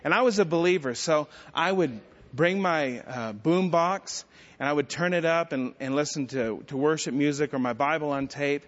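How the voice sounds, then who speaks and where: A man's voice: fairly high pitch, moderate pace. A middle-aged male pastor preaching a sermon, telling stories with self-deprecating humor. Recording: dull sound with long church-hall reverb.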